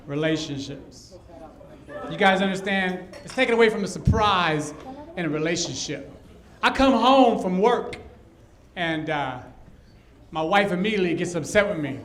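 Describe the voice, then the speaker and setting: A man performing stand-up, ranting in an exasperated way with loud, emphatic punchlines. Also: high-pitched, expressive, measured pace, long pauses. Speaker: stand-up comedian. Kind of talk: stand-up comedy set. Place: comedy club stage with audience. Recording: roomy club echo.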